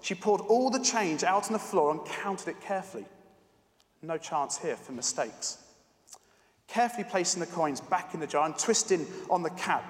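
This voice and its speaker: A man preacher giving a sermon, telling a story in a measured, expressive way. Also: a little high, in a large hall.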